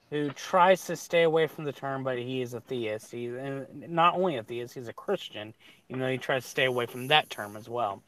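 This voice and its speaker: A man on a casual livestream hangout, talking in a rambling, animated way with lots of restarts. His voice sits on the high side for a man. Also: clean tone. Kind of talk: casual chat.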